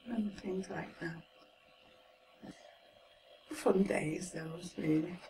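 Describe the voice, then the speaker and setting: A woman in her seventies from Manchester, England, with a Mancunian accent, reminisces casually about her life as an interviewee, chatting, laughing often and trailing off softly. Her voice is lowish and slow, captured on a hissy home recording with a distant mic.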